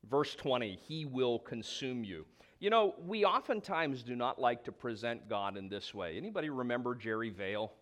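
A man's voice: medium pitch, expressive, a bit bright. Man preaching an emphatic sermon. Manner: emphatic preaching with drawn-out stresses and asides. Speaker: pastor.

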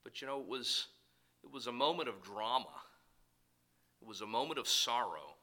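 A middle-aged man preaches with an animated storyteller's delivery. He swings from loud, emphatic bursts to hushed asides. His voice is very bright and forceful, at an ordinary pitch. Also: normal speed, low-quality recording. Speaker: pastor. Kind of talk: sermon.

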